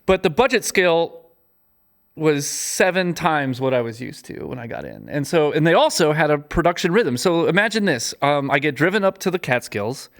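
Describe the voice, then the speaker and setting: A man telling a work story in casual chat, lively, with many fillers, acting out the people he quotes with big jumps in pitch. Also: moderate pace. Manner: chatty, many fillers and restarts. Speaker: podcast guest, gaffer and cinematographer.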